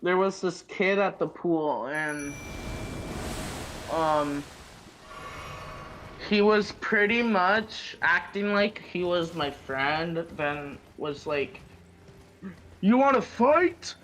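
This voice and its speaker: A man chatting casually on a stream, telling stories slowly and without hurry. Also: on the high side, bright, forceful tone, slight background noise, rough recording. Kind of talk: casual chat.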